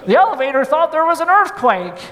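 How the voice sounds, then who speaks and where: A man's voice: very high-pitched, sing-song, brisk, a bit bright, big-room sound, pitched above the performer's own voice, heavily acted. A man doing a folksy little old technician. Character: little old male technician with a bushy mustache.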